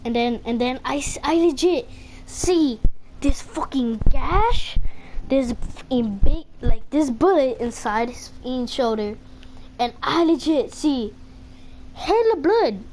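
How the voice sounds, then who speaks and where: Slow, rambling young woman with background noise. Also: high-pitched, lively intonation, darkish tone. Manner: rambling, full of fillers and swearing. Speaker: vlogger telling a personal story. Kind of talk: casual storytelling. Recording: noisy home recording.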